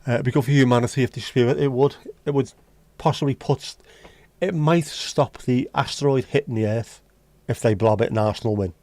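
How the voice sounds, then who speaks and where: Hosting a laid-back livestream, this Scouse-accented man from Liverpool swears and trades blunt banter with his viewers. He speaks briskly in a mellow, mid-range voice, captured in a dry recording.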